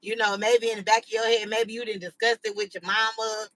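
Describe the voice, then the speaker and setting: Bright-voiced woman chatting to viewers. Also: fairly high pitch, little pitch movement, brisk, rough recording. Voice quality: slangy, rambling, full of "like" and "you know". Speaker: channel host. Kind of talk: casual chat to live viewers.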